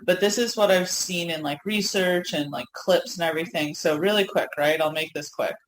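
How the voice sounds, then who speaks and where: A woman's voice: lowish voice, moderate pace, a little hiss or hum. A woman co-hosting a podcast, chatting enthusiastically about TV with lots of fillers. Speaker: co-host. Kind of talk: casual podcast chat. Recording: echoey room, faint ambience.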